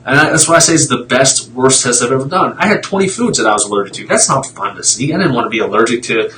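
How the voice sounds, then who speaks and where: A man's voice: medium pitch, expressive, fast, pushed and bright, a little hiss or hum, poor audio. A man talking casually on a live stream, explaining x-rays in a blunt, fired-up way, with tangents and mild swearing. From Italian heritage.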